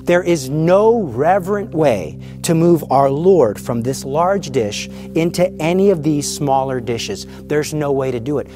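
Brief: a fervent man teaching, lively and slightly high voice, faint music behind. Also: unhurried, hardly any pauses. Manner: fervent, emphatic, rhetorical questions. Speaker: Catholic speaker teaching on the Eucharist. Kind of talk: impassioned teaching demonstration.

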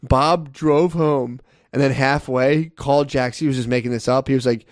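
A man's voice: medium pitch, fairly even intonation, normal speed, dry recording. Young Philly guy, rambling profane anecdotes, dry close recording. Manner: rambling, profane, laughing through his stories. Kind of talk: casual storytelling chat.

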